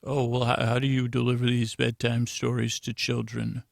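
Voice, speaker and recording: A man's voice: medium pitch, completely flat delivery, moderate pace, vocal fry, dry recording, studio quality, lightly acted. A man playing a bumbling fake anthropologist who stammers meekly through a request. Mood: pleading. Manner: stammering, hesitant, meek.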